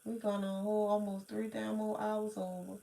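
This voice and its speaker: A tired, sleepy woman hosting a late-night livestream, chatting slowly with viewers in a rambling, drawling way, sighing and yawning. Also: medium pitch, little pitch movement, creaky, warm tone, slight background noise. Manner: slow, drawling, rambling talk with sighs and yawns. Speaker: livestream host.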